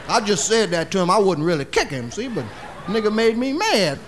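A man's voice sits high and sing-song, moving fairly quickly, with a crowd audible behind him. He's a comedian doing bawdy, drawling stand-up stories, punctuated with "see?". The recording is a live comedy record with audience laughter and noise.

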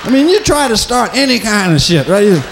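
Animated, profane male stand-up comic. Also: high-pitched, a little fast, vocal fry, slight background noise. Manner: profane, loose storytelling; slips into mimicked voices of himself. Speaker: stand-up comedian. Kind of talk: stand-up comedy routine.

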